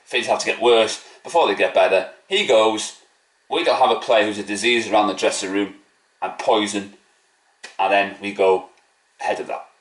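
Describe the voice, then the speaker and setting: A man's voice: on the low side, a bit bright. Blunt man ranting in a roomy echo. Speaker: football fan channel host. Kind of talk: opinionated match preview vlog.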